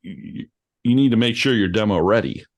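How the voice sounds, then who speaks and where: A man with a fairly low voice talks casually with fellow hosts, often stumbling over the start of a sentence before he finds it. He sounds like he is chatting on a call. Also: expressive, moderate pace, no room sound, clean studio sound. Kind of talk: casual group chat.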